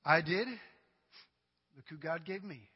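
A male pastor preaching a sermon to his congregation, dramatic and humorous, swinging from loud cries to quiet asides. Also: a little high, animated, slow, husky. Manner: humorous, addresses the congregation directly. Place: church sanctuary. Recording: dull recording with long hall reverb.

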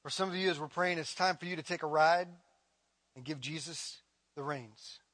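Delivering a sermon, a middle-aged man in the role of pastor rises to loud, forceful proclamations, then settles into a gentle guided prayer. He speaks a little high at a moderate pace, with no room sound.

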